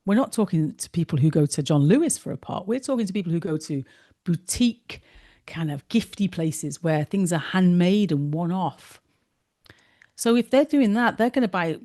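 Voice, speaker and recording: Mellow chatty woman. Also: fairly low pitch. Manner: chatty storyteller, acts out dialogue. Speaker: business course tutor. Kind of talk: online teaching with anecdotes.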